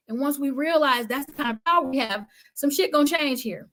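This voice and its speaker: A woman's voice: high voice, moderate pace, hardly any pauses, sharp tone. A woman guest talking in an impassioned, emphatic, colloquial way, like a preacher. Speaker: guest speaker. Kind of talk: impassioned conversation.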